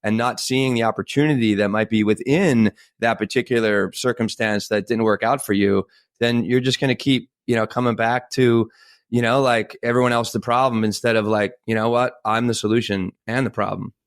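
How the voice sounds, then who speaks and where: Tired guy cohosting a podcast, frustrated and rambly, mid-pitched, dry sound. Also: steady tone, moderate pace, no echo. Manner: frustrated, rambling, lots of fillers. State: tired, short on sleep. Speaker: podcast co-host. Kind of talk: podcast conversation.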